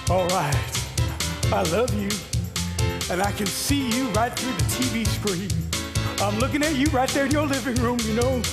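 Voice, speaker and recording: A man's voice: very high voice, moderate pace, loud music behind the voice. A man playing a smarmy, greedy male TV preacher who begs viewers for money in an unctuous patter, in a stage musical. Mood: oily. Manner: unctuous, pleading sales patter. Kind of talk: stage musical acting and singing.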